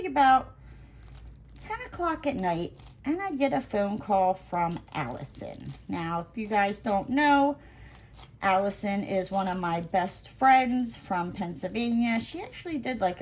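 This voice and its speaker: A woman chatting casually while she crafts, rambling through an animated story full of "like" and acted-out dialogue. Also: on the high side, a little slow. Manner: acts out quoted dialogue. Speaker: crafting vlogger. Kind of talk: casual chat while diamond painting.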